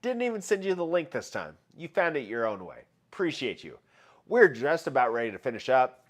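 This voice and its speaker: A man's voice: medium pitch, very animated, normal speed. A man hosting a casual live stream, chatting with viewers, greeting them by name and running giveaways. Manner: chatty, reads out viewer names and shouts greetings. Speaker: livestream host.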